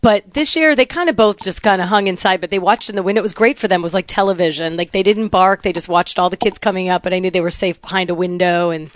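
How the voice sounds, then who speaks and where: A woman's voice: lowish voice, fast talker, hardly any pauses, no echo. Playful woman co-host. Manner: warm listener, playful, laughs easily. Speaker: podcast co-host. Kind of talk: casual podcast chat. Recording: slightly dull, dry recording.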